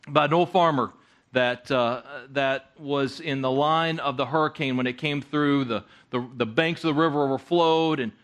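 A man preaching a conversational sermon, often halting and repeating words as he goes. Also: medium pitch, a bit bright. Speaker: guest preacher.

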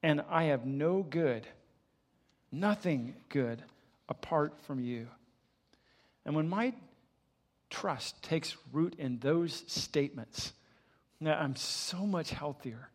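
Older male pastor, high-voiced, sermon with a story, reverberant sanctuary. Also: slow, long pauses. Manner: storytelling, animated in the story, soft and hushed in prayer. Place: church sanctuary.

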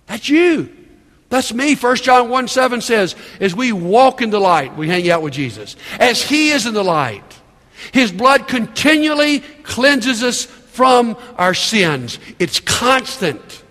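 Guy preaching a sermon, keeps asking the crowd for an amen, echoey church. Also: high-pitched. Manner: animated preaching, calls out "Amen?" to the congregation. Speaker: pastor. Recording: long hall reverb.

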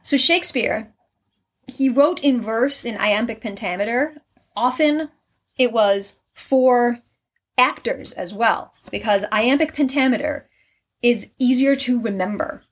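A woman with a fairly high voice chats about acting in a loose, animated way, full of "like" and quick restarts. She explains her craft as someone who performs it. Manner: chatty, animated, many fillers. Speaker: Shakespeare actor, guest. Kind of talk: casual conversation.

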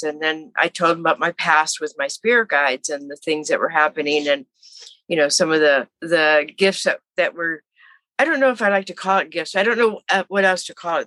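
A woman in her seventies with a lowish voice is an interview guest, casually telling her story in a dry recording. She is animated, acting out the voices of the people she quotes.

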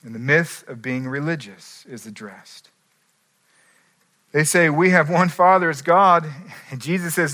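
A man preaching a sermon as pastor, earnest, moving between quiet asides and emphatic climaxes. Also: on the high side, unhurried, long pauses.

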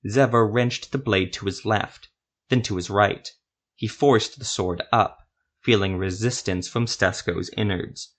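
A man narrating a grim fantasy story in a steady, measured reading. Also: on the low side.

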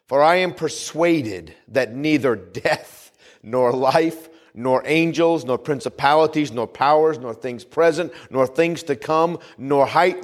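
A male pastor preaching a sermon with fervent emphasis. He reads scripture slowly and solemnly, breaks into folksy humorous asides, and keeps asking the congregation "Amen?". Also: fairly high pitch. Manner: reads scripture aloud in a slow, solemn cadence.

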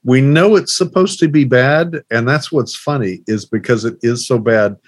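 A man's voice: medium pitch, normal speed, no echo. Podcast co-host, man, wry and opinionated, dry close recording. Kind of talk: casual chat.

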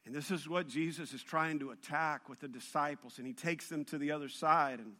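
Man, pastor, sermon, animated storyteller, humorous, high voice, bright tone. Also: brisk.

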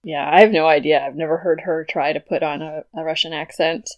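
A woman's voice: low-pitched, brisk, dry recording, muffled recording. Dry-sounding wry woman podcast host. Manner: relaxed, wry, laughs softly. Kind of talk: casual chat.

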